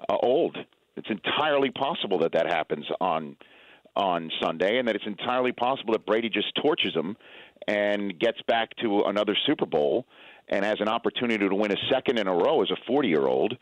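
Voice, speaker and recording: A man's voice: fairly low pitch, no room sound, low-quality recording. An American man, a sports broadcaster, chatting as a radio guest in a joking, rambling way with many restarts. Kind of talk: casual radio interview chat.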